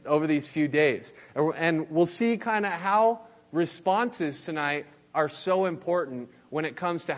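A young man from New Mexico, a youth pastor appearing as a guest speaker, gives a casual sermon full of easygoing, self-deprecating stories. His voice is a little high with a fairly bright tone, and the recording sounds muffled.

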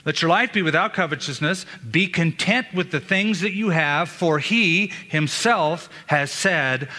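A man's voice: fairly high pitch, unhurried, pushed and bright. A male pastor preaching a sermon in an earnest manner, asking rhetorical questions of his listeners. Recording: long hall reverb.

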